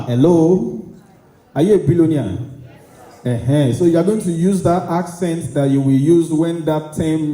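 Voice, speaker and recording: A man emcees a conference, stirring the crowd with call-and-response and demands for loud applause. His voice is deep and dark, with a slightly raised pitch. The hall gives his words a roomy echo. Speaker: event MC. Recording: echoey hall.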